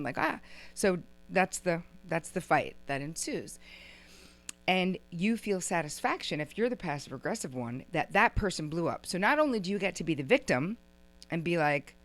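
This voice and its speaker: A middle-aged woman with a notably low voice teaching a relationship workshop to a room of listeners. She talks in a chatty way, full of "like" and "right?", and slips into quick acted-out exchanges to make her points. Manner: lively, acts out little quoted exchanges; chatty, uses "like" and "right?" often. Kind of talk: workshop lecture to a live audience.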